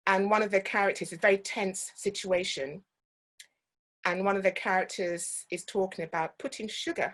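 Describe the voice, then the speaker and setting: A woman from Guyana, an actor giving a talk and telling personal stories with frequent ums. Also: mid-range voice.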